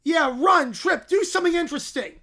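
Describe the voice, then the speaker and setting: A performer voicing a bratty, demanding young child who whines and shouts complaints. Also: extremely high pitch, lively intonation, a little fast, vocal fry, heavily acted.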